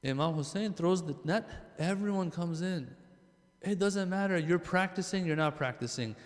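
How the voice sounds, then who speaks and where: Joking preacher in a reverberant hall. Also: male voice, high voice, moderate pace. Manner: lively, joking, addresses the crowd directly. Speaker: religious speaker. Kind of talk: conversational sermon.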